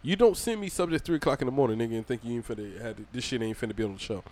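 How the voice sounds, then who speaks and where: A man co-hosting a casual podcast, joking and animated as he tells stories and reads questions. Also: medium pitch, racing. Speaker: podcast co-host.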